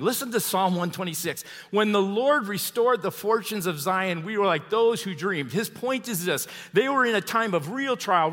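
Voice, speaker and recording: A man preaching in a church sanctuary, his bright, somewhat high voice trailing off into a long hall reverb. He tells stories with a chuckle and an animated delivery. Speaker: pastor. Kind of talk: sermon.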